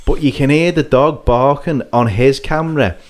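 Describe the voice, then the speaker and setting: A man hosting a casual podcast chat, spinning a funny story with lots of energy. He acts out what others said and breaks into laughter often, at a middling pitch. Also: moderate pace. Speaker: podcast host. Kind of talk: casual anecdote telling.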